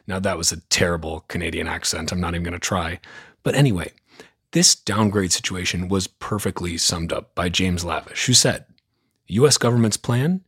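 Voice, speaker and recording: A man's voice: sits low, lively intonation, normal speed, breathy edge. A man hosting a news roundup podcast, reading from a script in a blunt, sarcastic, opinionated way. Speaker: podcast host.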